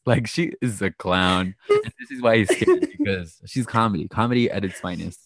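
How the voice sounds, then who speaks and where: A man's voice: fairly low pitch, moderate pace, hardly any pauses. A man co-hosting a casual chat, recapping reality TV and acting out quotes with laughter. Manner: animated, acts out quotes with laughter. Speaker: podcast co-host.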